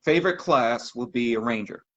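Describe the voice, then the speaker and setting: A man talking casually as a podcast guest, pausing often with ums. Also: medium pitch, expressive. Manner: halting, many ums. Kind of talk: casual conversation. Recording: dull lo-fi audio.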